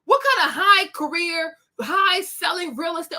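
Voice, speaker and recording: A woman's voice: very high voice, normal speed, sharp tone. A woman hosting a commentary show, ranting bluntly and scathingly with bursts of laughter. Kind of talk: opinionated commentary rant.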